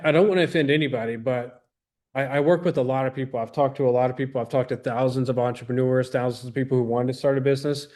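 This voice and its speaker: This business trainer, a man in his thirties, speaks with a medium-pitched, darkish voice. He rambles earnestly through a motivational talk for an audience, frequently starting over and performing quotes.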